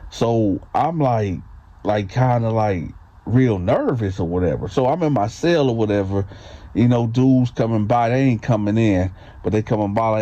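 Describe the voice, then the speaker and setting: A man's voice: fairly low pitch, expressive, moderate pace, mellow. A man telling a story in a loose, casual way, full of fillers and tag questions, in a slightly muffled recording. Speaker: storyteller, channel host.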